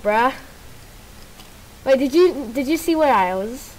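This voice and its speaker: A woman giving casual gameplay commentary while playing with a friend, bursting into loud exclamations between muttered asides. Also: high-pitched, animated, slow, long pauses, slight background noise, poor audio.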